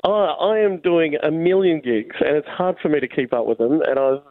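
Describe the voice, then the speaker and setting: A man's voice: a little high, moderate pace, no room sound, phone-quality sound. A comedian from Australia, a man chatting casually and laughing at himself. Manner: laughing, self-deprecating, chatty. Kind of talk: casual phone chat.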